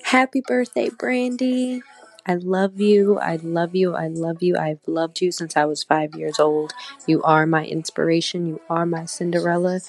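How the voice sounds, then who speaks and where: A woman's voice: fairly low pitch, fairly even intonation, a little slow, a little mellow, soft background music. A woman recording a gushing, emphatic birthday message as a fan.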